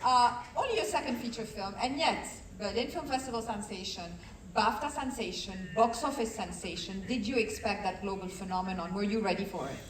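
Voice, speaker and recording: A woman's voice: medium pitch, brisk, hardly any pauses. A woman interviewing a guest on stage at a festival, asking prompting questions. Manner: prompting questions, brief affirmations. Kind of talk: onstage interview. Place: large festival hall with audience. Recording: echoey hall, distant mic, crowd and noise.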